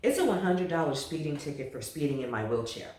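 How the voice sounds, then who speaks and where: A reader doing Loretta, a high squeaky girl. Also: lively intonation, fast talker, darkish tone, recorded from a distance, slight background noise, natural voice. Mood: eager. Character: spunky young girl in a fast wheelchair. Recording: very echoey room, voice from afar.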